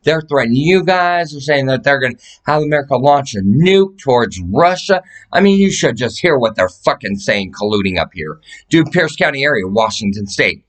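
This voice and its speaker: A man's voice: medium pitch, expressive, moderate pace, low-quality recording. A man talks straight to the camera in a long, rambling rant. He swears constantly, pleads urgently and jumps between subjects. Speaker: vlogger.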